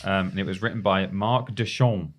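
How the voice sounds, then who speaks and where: A man's voice: sits low, moderate pace. A man co-hosting a gaming podcast, reading a news article aloud with dry asides in casual chat. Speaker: podcast co-host.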